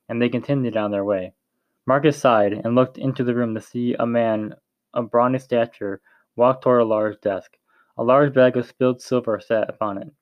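A man's voice: mid-range voice, no echo, lo-fi sound. A man reading a story aloud in a plain way, with frequent slips and restarts. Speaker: narrator.

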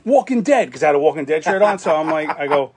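A man's voice: fairly high pitch, rapid-fire, husky. A man in his forties on a podcast, telling a rambling, profane story and acting out the quotes. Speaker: podcast co-host. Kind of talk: casual storytelling chat.

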